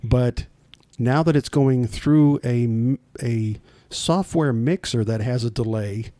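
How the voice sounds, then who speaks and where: A mid-pitched man co-hosts a talk show, rambling on with plenty of "you know"s and restarts. He speaks into a headset mic, and the sound is dry and close. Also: slow, warm tone, no room sound. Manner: rambling, explains technical details with lots of fillers. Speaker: co-host. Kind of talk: casual chat.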